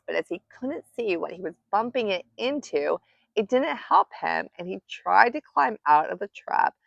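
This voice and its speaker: A woman reading a classic children's story aloud in a gentle, cozy bedtime style. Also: medium pitch, vocal fry, no room sound. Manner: soft, cozy, expressive. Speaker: storytime reader. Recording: dull lo-fi dry recording.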